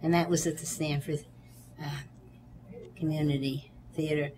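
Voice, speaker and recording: A woman's voice: sits low, flat delivery, moderate pace. A woman in her eighties being interviewed for an oral history, reminiscing chattily and reciting a comic poem in a playful sing-song. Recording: roomy echo, faint background noise.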